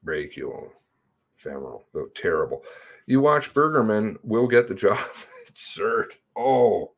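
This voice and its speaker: Male streamer, lowish voice, unhurried, sardonic, reads chat aloud. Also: very animated, vocal fry, husky. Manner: drawling, sardonic, greets viewers by name. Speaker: livestream host reading chat. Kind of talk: casual livestream chat.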